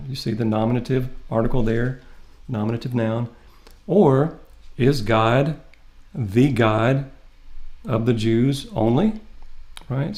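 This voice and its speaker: A man teaching a Greek translation lesson. He explains the grammar step by step and reads the Greek aloud slowly. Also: medium pitch, a little mellow. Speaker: Greek instructor. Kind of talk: classroom lecture.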